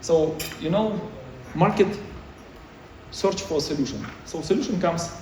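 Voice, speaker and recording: A man's voice: fairly high pitch, measured pace, darkish tone, a little hiss or hum. A man giving a conference talk in choppy, non-native English, with many restarts. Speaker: conference speaker. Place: conference hall. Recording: echoey hall, mic far off.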